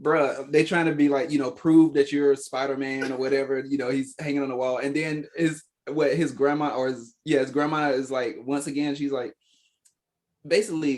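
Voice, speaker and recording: A man appearing as a podcast guest, telling a relaxed story. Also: mid-range voice, moderate pace. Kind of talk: casual reaction chat.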